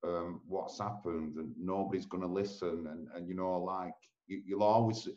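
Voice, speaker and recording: A man's voice: low-pitched, fairly even intonation, moderate pace, dark tone. A male host speaking in a hesitant, stammering, sympathetic way during a casual interview. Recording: echoey lo-fi room recording.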